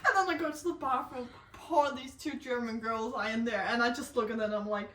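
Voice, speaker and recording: A woman's voice: a little high, brisk, a bit bright, far from the mic. A young woman, a student, chatting casually, laughing often and swearing now and then, in an echoey room away from the mic. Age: young adult. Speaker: student vlogger. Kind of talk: casual chat.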